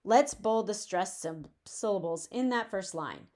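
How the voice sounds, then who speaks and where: A woman at a middle pitch gives a recorded poetry lecture. She explains each point in a clear, measured way. When she reads verse aloud, she slows down. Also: lively intonation, darkish tone. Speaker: teacher.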